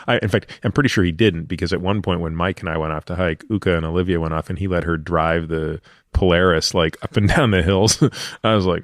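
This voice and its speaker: A man's voice: low voice, brisk, no room sound, clean studio sound. A man hosting a podcast, telling a personal story in a thoughtful, reflective way. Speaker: podcast host. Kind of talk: casual interview chat.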